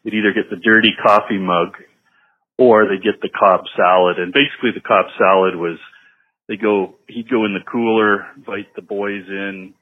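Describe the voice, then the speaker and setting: A man's voice: fairly low pitch, fairly even intonation, normal speed. A Canadian man leaving a voicemail and telling a crude joke in a laid-back way. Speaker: voicemail caller. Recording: muffled voicemail line.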